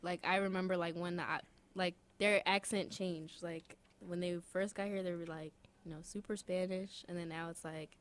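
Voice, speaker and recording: A young woman with a somewhat low voice talks casually on a podcast. She hesitates and fills her sentences with "like". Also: fairly even intonation, normal speed, hardly any pauses. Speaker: podcast co-host. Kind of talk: casual chat.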